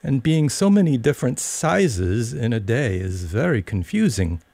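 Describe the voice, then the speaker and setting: A man's voice: medium pitch, sing-song, unhurried, gravelly, dark tone, no echo, pitched above the performer's own voice, heavily acted. A man doing a shy, polite young girl. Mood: polite, earnest. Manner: polite and hesitant. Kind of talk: storybook reading.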